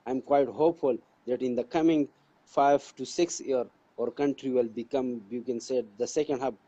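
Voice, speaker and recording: A man's voice: medium pitch, dark tone. A man from Pakistan, an English teacher, talking earnestly in an interview and often repeating phrases like "you can say". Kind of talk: interview conversation. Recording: dull lo-fi audio.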